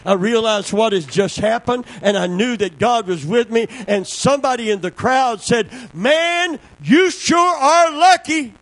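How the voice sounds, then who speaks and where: A man preaching a sermon with a notably high-pitched voice. He speaks as a fervent preacher, driving his points home by repeating key words, and the whole delivery has the full conviction of a pulpit testimony. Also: normal speed, hardly any pauses, dry recording, rough recording. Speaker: pastor.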